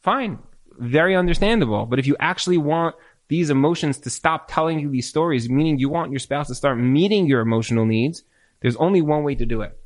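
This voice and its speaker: A man's voice: a little high, fast. A man teaching a marriage class and taking questions from listeners, earnest and repetitive, often acting out what spouses say. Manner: earnest, repeats words, acts out quoted spouses. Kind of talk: lecture with audience Q&A.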